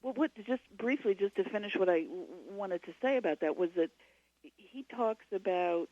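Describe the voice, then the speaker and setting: A woman's voice: mid-range voice, moderate pace, dark tone, no echo, muffled recording. A woman, a guest author on a radio interview, giving long and digressive explanations.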